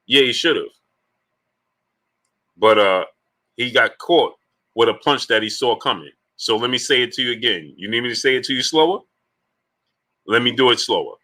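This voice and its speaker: A man hosts a live-streamed sports talk show with a bright, forceful voice. He hammers his points home through rhetorical repetition, breaking off to greet chat viewers by name. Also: mid-range voice, normal speed. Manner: animated, rhetorical, repeats points emphatically.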